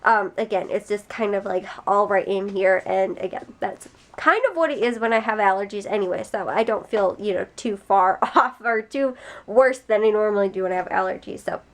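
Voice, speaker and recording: A young woman chats to her vlog audience in a loose, rambling way, leaning on fillers and trailing phrases. A cold has left her nose stuffy. Her pitch sits in an ordinary middle range. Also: steady tone, moderate pace. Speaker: vlogger. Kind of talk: casual vlog chat to camera.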